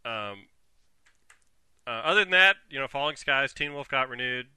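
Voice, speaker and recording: Smooth, bright-voiced man chatting. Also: medium pitch, animated, normal speed, no echo. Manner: enthusiastic, laughs often, rundown of upcoming shows. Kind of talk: casual TV chat.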